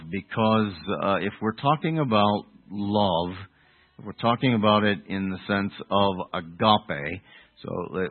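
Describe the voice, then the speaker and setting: A man preaching an expository sermon, halting and correcting himself as he goes, asking the listeners rhetorical questions. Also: fairly low pitch, husky. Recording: tinny phone-like narrow sound.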